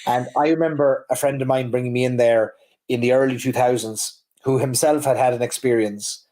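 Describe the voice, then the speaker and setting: A man's voice: mid-range voice, fairly even intonation, brisk, mellow. Chatty Cork Irish man. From Ireland. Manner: chatty storyteller, laughs easily. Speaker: livestream co-host. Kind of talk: casual chat.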